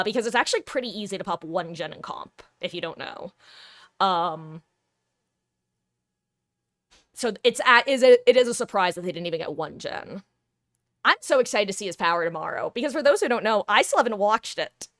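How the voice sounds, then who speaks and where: A woman gaming streamer in casual live-stream chat, rambling and animated, laughing often. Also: medium pitch, a little fast, no echo.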